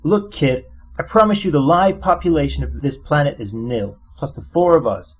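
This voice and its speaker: A brash, swaggering alien adventurer, as a husky-voiced male narrator puts him on. He talks pushy and breezy, pitched up above the reader's own voice, and sometimes hurries. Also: expressive, moderate pace.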